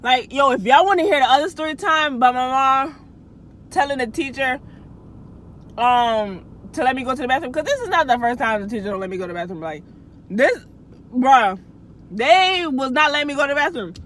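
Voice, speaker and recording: A young woman with a high voice tells a casual storytime for her channel. She talks in a loose, slangy way, restarting lines and turning to her viewers with asides. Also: expressive, a little fast, fairly bright tone, poor audio. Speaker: vlogger.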